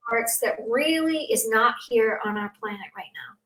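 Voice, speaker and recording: A woman's voice: on the high side, normal speed, a bit bright. A woman hosting a spiritual talk show, speaking earnestly and affirmingly. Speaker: host. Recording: echoey, distant from the mic.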